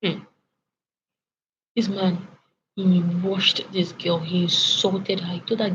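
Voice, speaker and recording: A young woman in her twenties with a Nigerian accent, telling a story casually and animatedly as a vlogger, sometimes clearing her throat. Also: fairly low pitch, fairly even intonation, takes it slowly, long pauses, fairly bright tone. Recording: lo-fi with faint background noise.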